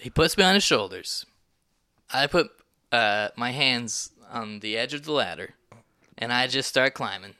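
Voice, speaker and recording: A man improvising on a comedy podcast, in character as an army general. He tells a long, rambling story in a deadpan way. His voice is bright and crisp, recorded close and dry. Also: mid-range voice, a little slow, dry recording. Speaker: improv guest playing a general.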